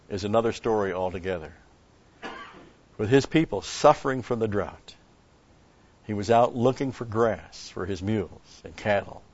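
A man's voice: fairly low pitch, highs cut off. A man preaching a sermon, telling a story and asking rhetorical questions with an occasional chuckle.

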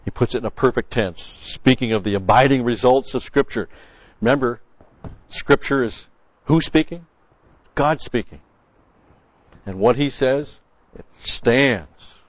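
A man's voice: mid-range voice, unhurried, long pauses, no room sound. A man giving verse-by-verse sermon teaching as a Bible teacher, stressing points by repeating key words and explaining the grammar of the original text. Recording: dull, dry lo-fi recording.

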